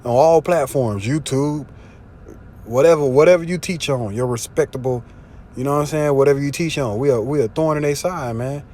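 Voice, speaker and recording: A man preaching informally, slangy and profane, often asking if you see what he's saying, and reading scripture louder. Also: a little fast, a little hiss or hum. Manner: louder and higher when reading scripture aloud. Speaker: street preacher. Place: in a car. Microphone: phone.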